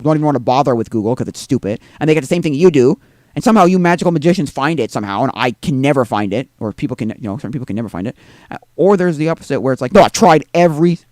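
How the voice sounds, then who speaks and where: Rambling man streaming a game, lively pitch. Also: no room sound. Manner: rambling, talks to himself with tag questions; exasperated ranting. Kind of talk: live gameplay commentary.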